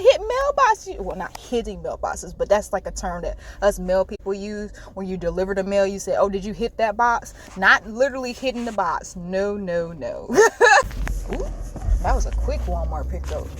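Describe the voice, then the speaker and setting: A woman vlogging a casual, animated rant while she drives, swearing and laughing often. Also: on the high side, normal speed. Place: in a car while driving. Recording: road noise from driving car. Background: car and road noise.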